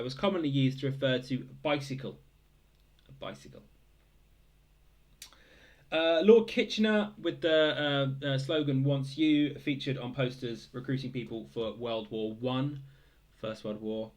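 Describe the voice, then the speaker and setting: A young man casually reading out quiz answers, hesitant, full of fillers, with dry joking asides. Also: mid-range voice. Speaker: quiz host.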